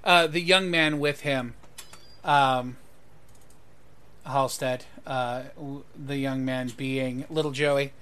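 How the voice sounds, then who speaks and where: A man narrating as game master of a tabletop role-playing game, pausing often with ums and uhs. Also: medium pitch, fairly even intonation, fairly bright tone, clear, resonant tone. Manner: hesitant, lots of ums and uhs.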